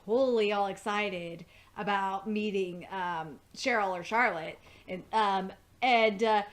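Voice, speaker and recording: A woman's voice: medium pitch, slow pace. A woman casually recapping a TV episode, rambling and profane, full of fillers. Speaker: TV episode reviewer.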